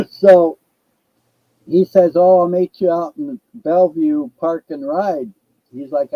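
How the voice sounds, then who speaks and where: A man's voice: fairly high pitch, no room sound, narrow, tinny audio. An older man telling a long casual story, profane and rambling. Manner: profane, rambling, laid-back.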